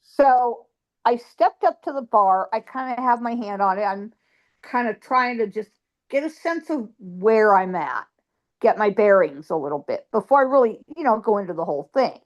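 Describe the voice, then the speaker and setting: A woman's voice: medium pitch, expressive, normal speed, highs cut off. A woman guest psychic telling ghost stories in an interview, emphatic, piling up repeated words for stress.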